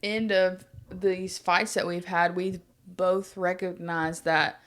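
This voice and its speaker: A woman's voice: lowish voice, level tone, slow pace, fairly bright tone. A young woman co-hosting a faith podcast, agreeable and supportive in casual conversation. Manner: agreeable, supportive, short affirmations. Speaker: podcast co-host.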